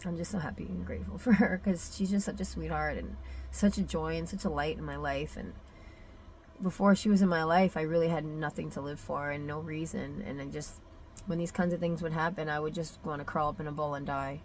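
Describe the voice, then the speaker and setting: A woman's voice: sits low, fairly even intonation, a little fast, darkish tone, slight background noise. A young adult woman telling a personal story in a candid, emotional vlog, full of fillers and restarts. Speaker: mother sharing a personal story.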